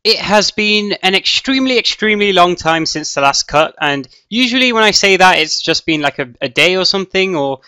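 A man's voice: sits high, lively intonation, a little fast, few pauses, sharp tone, clear, resonant tone, no echo. A man giving casual gameplay commentary as he builds, rambling and thinking aloud with many ums and restarts. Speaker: Minecraft let's player.

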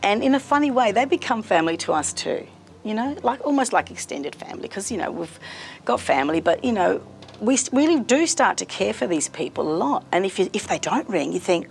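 Chatty middle-aged woman, creaky. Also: mid-range voice, fairly quick, faint music behind. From Australia. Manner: warm, chatty, lively storyteller. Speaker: community radio presenter. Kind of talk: casual interview storytelling.

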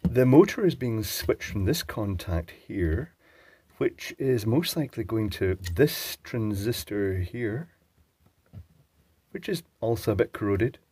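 A man's voice: lowish voice, animated, slow pace, dark tone, breathy edge, dry recording. A man presenting an electronics teardown, musing and chatting as he thinks aloud while working. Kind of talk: casual talk-through while taking apart a device.

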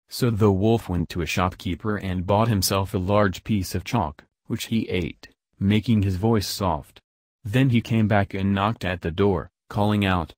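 A man calmly reading a fairy tale aloud as bedtime story narration. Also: lowish voice, a little slow, no room sound, studio quality. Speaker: storybook reader.

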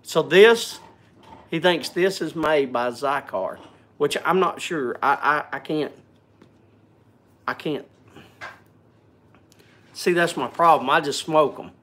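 A man's voice: on the high side, slow, long pauses, fairly bright tone. A man hosting a casual live stream, joking and chatting, greeting viewers by name, often repeating and stumbling over words.

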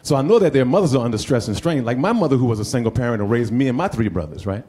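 A man's voice: mid-range voice, lively intonation, racing, warm tone, breathy edge. A middle-aged male panelist speaking earnestly about trauma and calling for mentors. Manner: earnest, urging the community to act. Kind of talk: panel talk.

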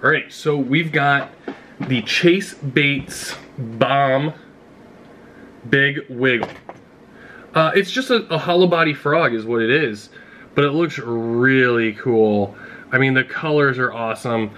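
A man's voice: medium pitch, takes it slowly. Guy doing a hyped fishing unboxing vlog, chatty, little bit of background hiss. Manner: excitable, talks to viewers directly. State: out of breath. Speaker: fishing vlogger.

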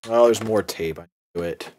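A man's voice: fairly low pitch, normal speed, very noisy. A young man hosting an unboxing video, talking in a casual, sarcastic and rambling way.

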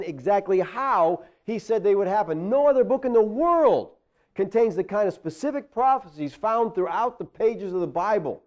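A man's voice: a little high, a little mellow. A man preaching a sermon as pastor, talking conversationally and rising to emphatic exclamations.

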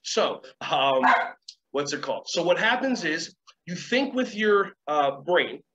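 A man leading a casual webinar lesson from home, energetic and rambling, acting out quoted voices and guiding breathing exercises. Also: fairly high pitch, measured pace. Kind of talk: casual teaching talk with guided exercises. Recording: dull lo-fi sound, faint ambience.

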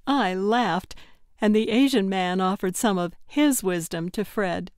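A woman narrating an audiobook in the first person with measured, steady storytelling. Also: mid-range voice, no echo, studio quality.

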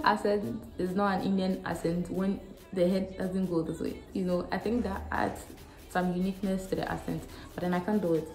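A young woman from Ghana, answering questions in a casual vlog with a frank, animated, self-mocking manner. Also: fairly low pitch, normal speed. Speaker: vlogger. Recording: echoey room with faint music.

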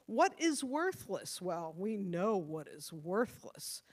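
A woman pastor giving a sermon, earnest and motherly, stressing points hard and then dropping to soft tones. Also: mid-range voice, very animated, slow. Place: church.

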